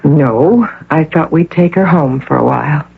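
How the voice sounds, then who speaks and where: A woman playing an intense, possessive woman posing as a devoted mother in a 1980 radio drama, speaking softly, coaxing and insistent. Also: deep voice, unhurried, vocal fry, breathy edge, full character voice. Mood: tense. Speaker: visitor claiming to be the patient's mother. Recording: narrow phone-like radio broadcast with faint hum.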